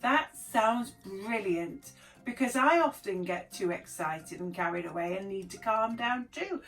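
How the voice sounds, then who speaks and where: A woman's voice: medium pitch, lively intonation. Enthusiastic woman presenting to children. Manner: warm, enthusiastic, slow and clear for children. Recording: distant mic, faint background music.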